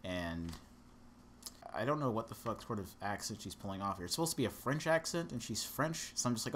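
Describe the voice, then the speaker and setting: A man's voice: fairly low pitch, expressive, fairly quick, a bit bright, slight background noise. A young man co-hosting a casual podcast, rambling and sarcastic as he talks through a movie plot. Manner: rambling, sarcastic, lots of fillers. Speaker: podcast co-host reviewing a movie.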